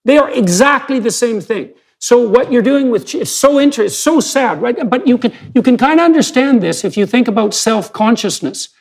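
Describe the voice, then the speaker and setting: Male podcast host, high gravelly tone, emphatic rhetorical delivery. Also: lively intonation, moderate pace, hardly any pauses. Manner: emphatic, rhetorical, builds arguments step by step. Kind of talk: long-form podcast conversation.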